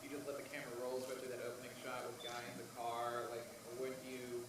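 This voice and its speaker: A man's voice: medium pitch, little pitch movement. A man in the audience asking a question, stumbling over his words. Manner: fast, stumbling. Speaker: audience member. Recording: very echoey cinema, distant, noisy.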